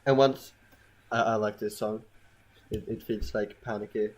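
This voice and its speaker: A man's voice: fairly low pitch, fairly even intonation, a little slow, darkish tone. A man giving casual let's-play commentary, rambling and hesitant with frequent stammers and restarts. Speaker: gameplay commentator.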